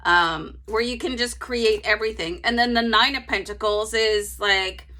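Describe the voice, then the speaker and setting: A woman's voice: on the high side, normal speed, bright, forceful tone. A woman giving a casual tarot reading to her viewers, chatty and rambling, breaking into laughter often. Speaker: tarot reader.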